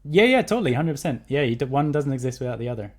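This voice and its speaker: A man's voice: mid-range voice, sing-song, very fast. A man hosting a podcast, talking casually and earnestly, rambling and restarting his sentences. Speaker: podcast host.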